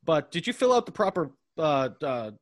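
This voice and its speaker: A man's voice: on the high side, sing-song, moderate pace, no echo. Rambling, stammering male podcast host. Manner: rambling, stammering with many restarts. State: tipsy. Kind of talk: casual podcast chat among friends.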